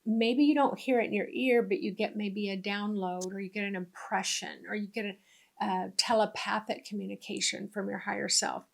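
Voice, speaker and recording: A middle-aged woman giving a gentle, unhurried spiritual teaching talk with soft asides. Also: medium pitch, steady tone, vocal fry.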